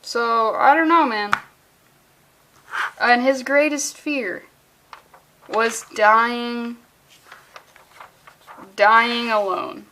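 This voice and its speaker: A woman's voice: a little high, steady tone, extremely slow, long pauses, sharp tone, a little hiss or hum. A woman casually reviewing a comic book, sarcastic and profane, acting out the characters' lines in passing.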